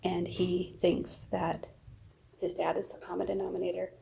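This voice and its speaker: Gravelly low-voiced woman telling a story. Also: flat delivery, moderate pace, mellow, slight background noise. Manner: rambling, emotional retelling. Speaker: vlogger. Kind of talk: casual storytelling to a friend.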